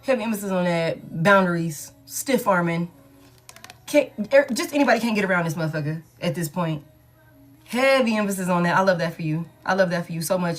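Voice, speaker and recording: A woman gives a casual collective tarot reading, blunt and slangy, swearing freely while hyping up the listener. Her voice is on the low side and she speaks a little fast.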